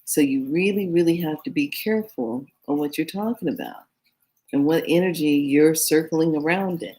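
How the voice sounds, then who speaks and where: A woman's voice: low voice, moderate pace, mellow. A woman vlogger casually telling a story and acting out her own reactions, then giving earnest advice on energy and manifestation. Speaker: spiritual vlogger.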